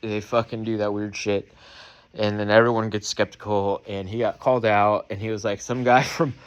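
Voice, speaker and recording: A man's voice: lowish voice, little pitch movement, clear, resonant tone, lo-fi sound. A young man telling a rambling, profane story in casual talk, a mechanic describing how he fixed a truck. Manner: profane, rambling, quick asides. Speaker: mechanic and small business owner.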